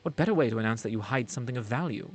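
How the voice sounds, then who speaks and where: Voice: medium pitch, expressive, racing, breathy edge, faint music behind, voice pushed down. A streamer voicing a grave older woman with a Welsh accent, reading solemn lines with a few stumbles. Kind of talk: live-streamed game voice acting.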